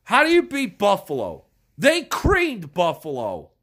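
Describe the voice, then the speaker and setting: Sounding congested from a cold, this irate sports vlogger yells and curses angrily about their team. They speak unhurriedly in a medium pitch that swings hugely.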